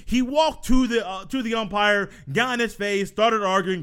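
A man with a fairly high voice hosts a solo sports podcast. He tells his stories in a loose, chatty way, laughing and repeating himself. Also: normal speed, hardly any pauses, pushed and bright. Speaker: podcast host.

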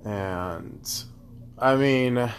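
Man, solo podcast ramble, profane and animated, mid-pitched voice, jumping between tangents. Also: drawn-out words, a little hiss or hum. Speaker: podcast host.

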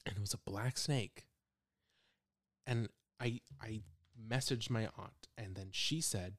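A man's voice: on the low side, slow, a bit bright, dry recording, clean studio sound. A man co-hosting a podcast in casual chat, rambling and restarting as he tells stories. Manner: rambling, restarts often when telling stories. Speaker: podcast co-host.

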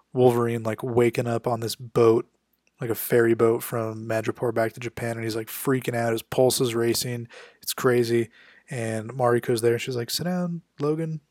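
A man giving a casual spoken recap of a comic book issue, quickly voicing the characters' lines as he goes. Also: medium pitch, darkish tone, no room sound, studio quality. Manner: conversational, acts out characters' lines with quick quotes.

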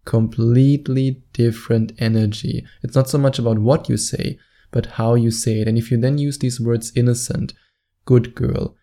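Man, dating coach, confident instructive talk, drawn-out emphasis, dark mellow tone, gravelly. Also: mid-range voice, fairly even intonation. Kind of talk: direct-to-camera advice monologue.

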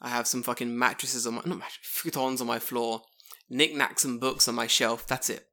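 A man chats casually. He tells an animated story, swears freely and slips into voices for the people he quotes. His tone is bright. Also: medium pitch, moderate pace. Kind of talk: casual chat.

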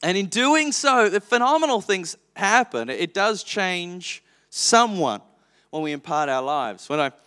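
A man in his thirties preaching a sermon, telling stories in a lively, frank and self-deprecating way. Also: high-pitched, a little slow, smooth. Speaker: pastor. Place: church auditorium. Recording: long reverb of a church hall.

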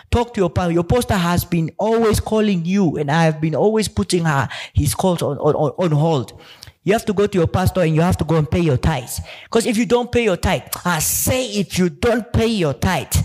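A man's voice: high-pitched, darkish tone. A man voicing a preachy male phone assistant who lectures in an emphatic, sermon-like way.

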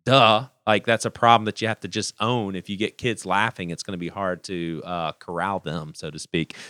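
A man with a smooth, clear voice tells a story on a podcast, animated and loose, restarting his phrases as he goes. The sound is close and dry, with no room around it. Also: low voice, normal speed, no echo. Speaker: podcast co-host. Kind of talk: casual storytelling chat.

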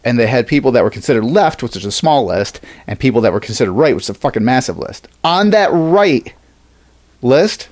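A man's voice: mid-range voice, big pitch swings, fairly quick, a little mellow. A man co-hosting a podcast in loose casual chat, swearing freely. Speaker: podcast co-host.

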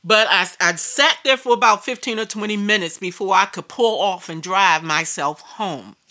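A woman's voice: medium pitch, normal speed, pushed and bright. A woman preacher telling a personal story in a sermon, emphatic and repetitive. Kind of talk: sermon testimony.

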